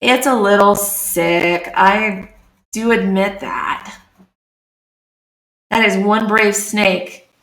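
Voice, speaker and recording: A woman's voice: medium pitch, fairly even intonation, very slow, pauses often, a bit bright, echoey room, poor audio. A woman chatting casually as she draws on a live stream, talking through each step. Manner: chatty, talks through her work. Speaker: streamer and artist. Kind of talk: live-streamed drawing commentary.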